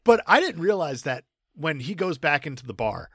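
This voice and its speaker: A man co-hosting a podcast, chatting about a film in an animated, jokey way and laughing often. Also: on the high side, moderate pace, breathy edge, dry recording, studio quality. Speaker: podcast co-host. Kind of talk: casual chat about a film.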